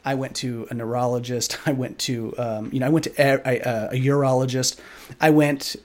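At a moderate pace and medium pitch with little pitch movement, a man hosting a podcast shares a candid personal story. His tone is earnest and reflective, and he fills it with plenty of "like"s.

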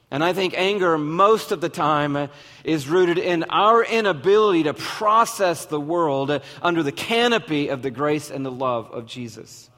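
Male pastor, high voice, deliberate emphatic sermon delivery, long hall echo. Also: fairly bright tone. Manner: slow, emphatic preaching with dramatic pauses.

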